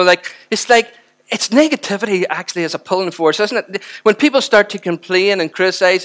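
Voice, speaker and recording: A man preaching a sermon with impassioned, animated emphasis. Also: high-pitched.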